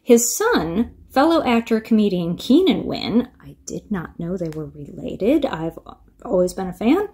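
A woman's voice: medium pitch, big pitch swings, a little slow, mellow. A woman hosting her own video, talking to camera in an earnest, musing, chatty way. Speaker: video host. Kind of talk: casual to-camera commentary.

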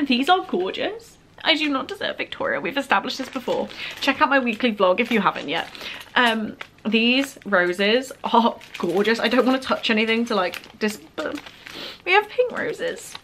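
Gushing young Englishwoman, high lively voice. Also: moderate pace, a little hiss or hum. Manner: gushing, excitable, squeals with delight. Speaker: book vlogger. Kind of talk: casual vlog, unboxing presents.

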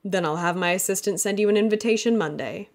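A woman voicing a calm, wry young man in an audiobook, close to her own voice. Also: mid-range voice, quick pace, lightly acted.

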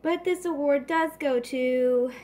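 A woman's voice: high voice, slow, mellow. A woman hosting a homemade toy pet award show, announcing each category in a casual, hesitant way. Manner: casual, hesitant, clears throat.

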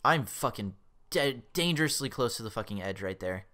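A young man talking through a retro platformer as he plays, his voice bright and edgy. His pitch leaps around a lot, from low muttering to sudden yelps. He swears freely and talks to the game like a rival. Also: moderate pace. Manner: excitable, swears often, yelps when startled. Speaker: let's play host. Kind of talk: casual gameplay commentary.

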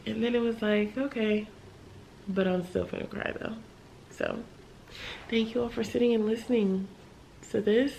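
A young American woman talks to her camera late at night, candid and worn out. Her voice has a gravelly fry at the ends of phrases, and she pauses, sighs and laughs softly as she goes on. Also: mid-range voice, a little hiss or hum. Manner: candid, tired, halting, with sighs and soft laughs. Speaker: vlogger. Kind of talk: emotional late-night vlog talk.

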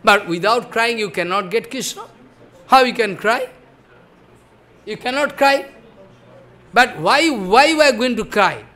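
A man delivers a devotional sermon in a high, bright voice. He is emphatic and questioning, repeating points and checking that listeners follow. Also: expressive, measured pace, long pauses. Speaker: spiritual teacher.

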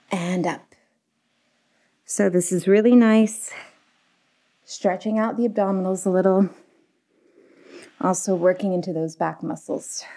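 A young woman with a dark tone, her voice on the low side, cues a home pilates and barre workout through a lapel mic pack. She counts reps with upbeat encouragement in her home workout space.

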